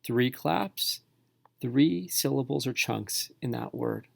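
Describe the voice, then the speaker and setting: A man teaches spelling strategies in a calm tutorial voice, breaking words into syllables slowly and clearly. His voice carries a heavy gravelly fry. The sound is close and dry, with no room behind it. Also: mid-range voice, no room sound. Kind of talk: instructional tutorial narration.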